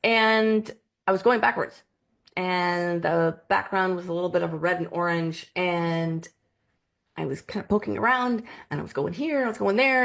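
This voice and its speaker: A woman telling a personal experience in a vlog, animated and lively, acting out the voices of people she quotes. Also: medium pitch. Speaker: vlogger.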